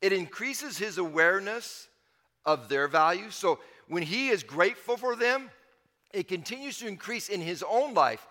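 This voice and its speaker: Bright-voiced male pastor preaching in a hall. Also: high voice, expressive, normal speed. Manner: emphatic, repeats key phrases. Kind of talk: sermon.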